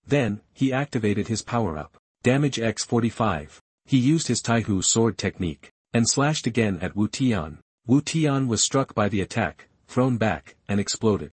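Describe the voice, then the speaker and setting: A man narrating a comic recap in a steady, scripted storytelling manner. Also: on the low side, moderate pace, husky, dry recording.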